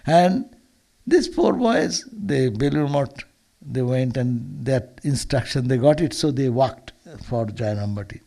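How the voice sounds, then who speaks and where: A man's voice: mid-range voice, lively intonation, unhurried, gravelly, mellow. A man, a monk, giving a Sunday lecture as a storytelling sermon, earnest and often restarting or repeating words.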